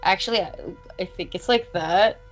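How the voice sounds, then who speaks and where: A woman at a tabletop game table talking through her turn in a mid-range voice. Her talk is casual and halting, full of ums, with the odd swear thrown in. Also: medium pitch, lo-fi sound, faint music behind. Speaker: player.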